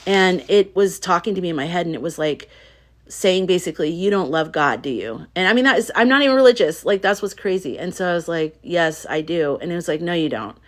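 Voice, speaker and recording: Middle-aged American woman, spiritual live-stream host; low-leaning voice, emotional, loose and chatty. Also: expressive, fast. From United States. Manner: rambling, confiding, emotional, many restarts. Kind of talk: casual chat on a live stream.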